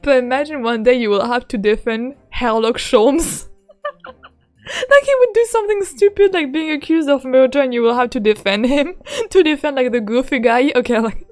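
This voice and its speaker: A woman's voice: high voice, lively intonation, normal speed, a little mellow. A woman streaming a game, chatting casually with a giggly, rambling manner and lots of fillers. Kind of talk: casual gameplay commentary.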